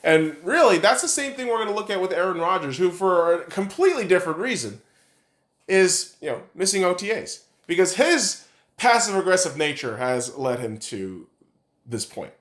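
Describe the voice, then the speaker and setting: A man's voice: high voice, big pitch swings, moderate pace, fairly bright tone. Blunt, profane man ranting about sports. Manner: blunt, profane, opinionated, rambling with restarts. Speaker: podcast host. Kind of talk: casual sports opinion rant.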